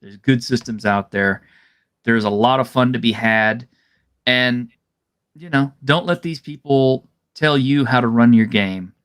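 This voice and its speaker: A man's voice: medium pitch, unhurried, a bit bright, clear, resonant tone. A man co-hosting a casual discussion over a video call, rambling and filling his talk with "you know". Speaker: co-host.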